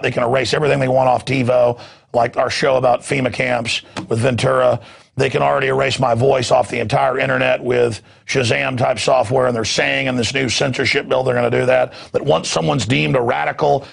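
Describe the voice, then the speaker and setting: Gravelly ranting male news host. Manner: ranting, mocks others in shrill put-on voices. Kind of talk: impassioned political monologue.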